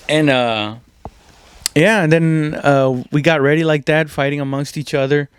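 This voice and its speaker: A man's voice: mid-range voice, fairly even intonation, fast, slight background noise. A young man telling a comedy story from his army days, casually and profanely, with many restarts, fillers and sound effects.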